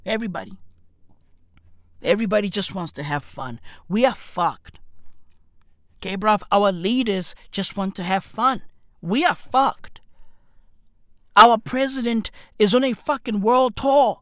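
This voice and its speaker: A woman giving a comedic, slangy rant to camera, bursting into shouts. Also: medium pitch, a little slow, pauses often, no echo, clean studio sound. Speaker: vlogger.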